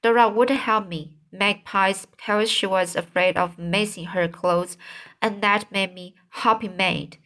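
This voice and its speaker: Woman as a naughty little boy, sheepish, coaxing, storybook reading, mid-pitched voice. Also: fairly even intonation, unhurried, fairly bright tone, lightly acted. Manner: pleading, confiding storybook child.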